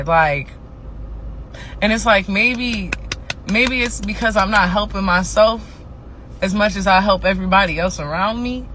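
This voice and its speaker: An exhausted woman rants in a casual monologue. Her voice is bright and forward, and she circles back over the same frustrations with frequent swearing. Faint noise sits behind her. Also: medium pitch. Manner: frustrated, swears a lot, repeats herself. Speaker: TikTok ranter.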